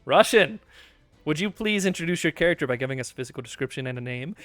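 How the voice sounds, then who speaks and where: Young man, game master, animated, dry close voice. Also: on the high side, no echo, faint music behind. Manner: animated and laughing, quick to react. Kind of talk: narrating a tabletop game.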